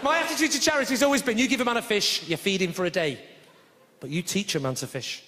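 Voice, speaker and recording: A man's voice: high-pitched, fast, sharp tone. A man performing live stand-up comedy in a theatre, bantering with the audience and tossing in frequent tag questions. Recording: echoey theatre with audience noise.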